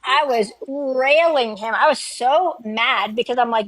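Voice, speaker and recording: A woman's voice: fairly high pitch, measured pace, over a noisy crowd, rough recording. A woman on a livestream, ranting in a heated, profane way. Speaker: livestream guest. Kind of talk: casual chat.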